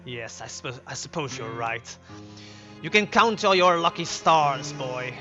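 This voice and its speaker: A man voicing a stern, gruff older father in a game, with a deep, growling voice. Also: lively intonation, measured pace, bright, forceful tone, muffled recording, faint music behind. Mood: angry.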